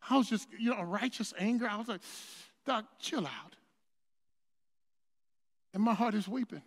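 A man with a very high voice preaches in a church, telling a story casually with restarts and rising to shouts. His voice rings out with a long hall reverb behind it. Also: moderate pace. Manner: builds to shouting crescendos; conversational storytelling with many restarts. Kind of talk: storytelling sermon. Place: church sanctuary.

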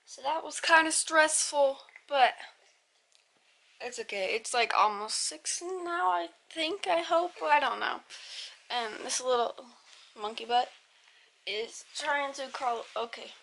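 A woman's voice: high voice, expressive, slow pace, gravelly, fairly bright tone. A woman in her twenties, a young mother chatting casually to camera in a home vlog, sometimes slipping into sing-song baby talk. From United States. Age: 20s. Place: home indoors.

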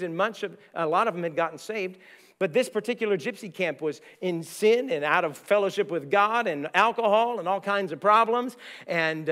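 A middle-aged male pastor from the United States telling stories in a sermon, animated, often repeating words and acting out the voices he quotes. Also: sits high. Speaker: guest pastor. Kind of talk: sermon with storytelling. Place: church sanctuary.

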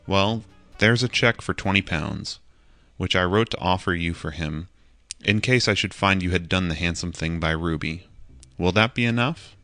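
A man reading an audiobook voices a kindly gentleman who speaks in a courteous, reassuring way. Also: low voice, normal speed, dry recording, faint music behind. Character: kindly well-off gentleman, generous and calm.

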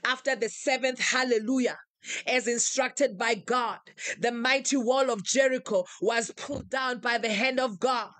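A woman's voice: fairly high pitch, unhurried, a bit bright, no room sound. A woman preacher leading a live prayer session, fervently calling out names and declarations in rhythmic, repeated phrases. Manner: repetitive, rhythmic calls.

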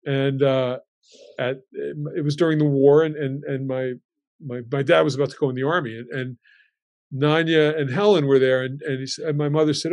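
A man's voice: medium pitch, fairly even intonation, moderate pace, a little mellow. A man in his sixties, a guest telling family stories in a casual way and acting out his relatives' lines as he goes.

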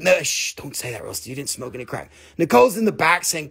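A man's voice: fairly high pitch, big pitch swings, fast, vocal fry, a bit bright, husky. A man hosting a live crystal sale stream in a casual, joking, rambling way, swearing freely and teasing himself. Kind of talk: casual live selling chat.

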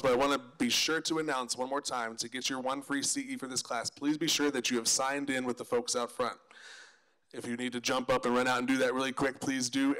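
A man acting as emcee, giving brisk, procedural announcements and introducing the presenter at a class. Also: medium pitch, a bit bright, poor audio. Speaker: event emcee. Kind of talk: event announcements.

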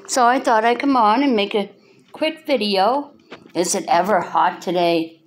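A woman's voice: mid-range voice, measured pace, soft background music. A Canadian woman making a casual home vlog, cooing at a cat in sing-song baby talk. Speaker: vlogger.

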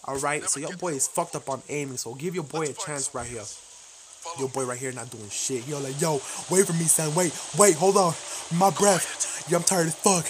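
A man's voice: on the high side, normal speed, crowd noise. A man giving casual, profane, self-mocking commentary while playing a shooter game. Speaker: gameplay commentator.

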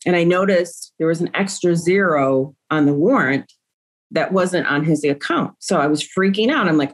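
A woman's voice: lowish voice, lively intonation, moderate pace. A middle-aged woman, a grieving mother, recounting events in an interview with emotion and acting out quoted dialogue.

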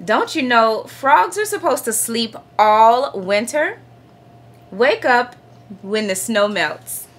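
A woman voicing a patient mother frog in a children's storybook read-aloud, calling out and gently scolding. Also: on the high side, animated, slow, full character voice. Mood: soothing.

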